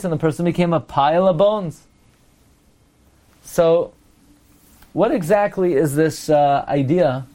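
A man, his carrying a lilt, gives a Torah class in a fairly high voice. He poses one question after another and slows down to read each verse. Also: a little mellow. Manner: asks rhetorical questions, quotes Hebrew verses slowly. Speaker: rabbi teaching Torah.

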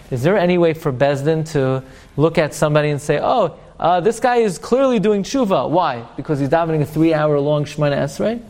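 A man teaching an online Torah class, explaining texts in an animated, jokey way. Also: on the high side.

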